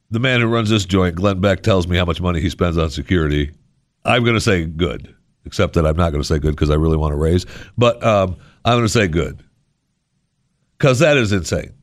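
Low, dry-voiced sarcastic radio host man. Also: moderate pace, no echo. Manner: rambling, sarcastic, jokey. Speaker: radio talk show host. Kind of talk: casual radio monologue. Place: radio studio. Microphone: studio microphone.

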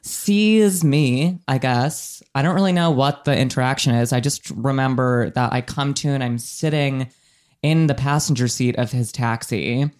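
A young man with a darkish, mid-range voice speaks a little slowly as he tells a meandering personal story on a podcast. Likes and ums fill his speech, and he pokes fun at himself with laughter.

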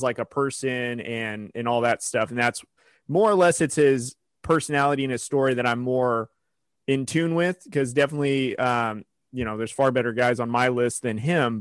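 A man's voice: mid-range voice, moderate pace, no echo. Guy rambling in a casual podcast chat, mid voice, dry close sound. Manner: rambling, chatty storyteller.

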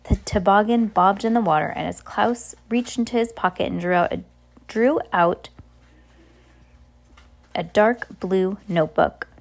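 Young mom reading a storybook aloud, informal, trips over words and adds asides. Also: female voice, medium pitch, measured pace, creaky, long pauses. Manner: informal, with restarts and chatty asides. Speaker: parent reading aloud to her child. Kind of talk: casual storybook read-aloud.

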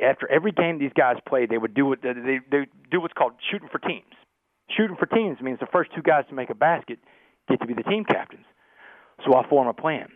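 Fast-talking man on a phone line. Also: mid-range voice, dry recording. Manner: fast, animated storyteller, keeps saying "man". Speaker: podcast guest. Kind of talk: storytelling interview.

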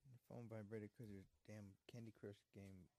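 A man's voice: fairly low pitch, little pitch movement, normal speed, dark tone. A man hosting a casual movie watch-along chat, rambling, teasing and swearing.

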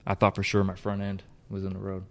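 A man chatting casually as a co-host, telling a lively story, swearing freely and acting out what people said. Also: low-pitched, quick pace. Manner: animated storyteller, swears freely, acts out quotes. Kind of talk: casual chat.

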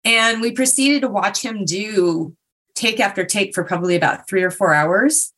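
A woman's voice: medium pitch, normal speed, a bit bright. A woman telling a personal anecdote in a conversational, amused way and acting out the people she quotes. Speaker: storyteller. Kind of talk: casual storytelling.

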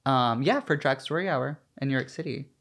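A man from the American South, a drag performer and a guest in a casual interview, who talks in an animated, chatty way with plenty of "like" fillers. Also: mid-range voice, brisk. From Southern United States.

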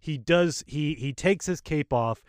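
A man co-hosting a podcast, recapping a video game scene by scene in a relaxed, rambling way. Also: fairly high pitch, a little slow, clear, resonant tone, dry recording, clean studio sound. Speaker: podcast co-host. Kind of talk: casual game discussion.

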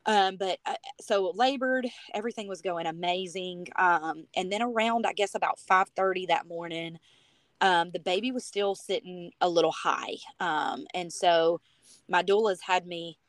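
A young woman telling a personal story as a podcast guest, chatty and animated with lots of fillers. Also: lowish voice, normal speed, no room sound. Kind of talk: casual storytelling.

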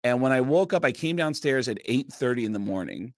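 A man guesting in a studio, telling a long story in an animated, casual way and swearing freely. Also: medium pitch, a little fast, no echo. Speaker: comedian and impressionist guest.

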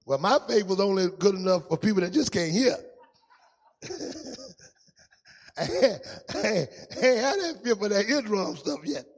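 A man preaching a testimony sermon in a sing-song style, dropping to a hush and rising to shouts. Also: high-pitched, animated, moderate pace, long pauses, long reverb tail.

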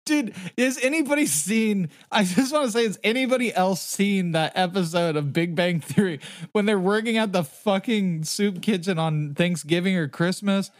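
Male podcast host, casual and rambling, swears a lot, slightly high voice, dry close sound. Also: normal speed, no echo. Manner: rambling, heavy swearing, fillers.

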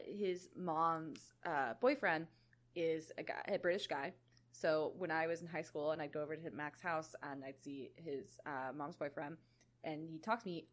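Rambling young woman, a bit low. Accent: slight Southern drawl on "all" sounds. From Georgia, USA. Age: young adult. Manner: rambling, laughs often, swears casually. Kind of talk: casual chat.

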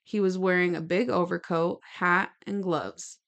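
A woman's voice: on the low side, fairly even intonation, a little slow, gravelly, a bit bright. A woman co-hosting a podcast, telling a true-crime story from her notes with chatty asides. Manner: gestures while talking. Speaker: podcast co-host.

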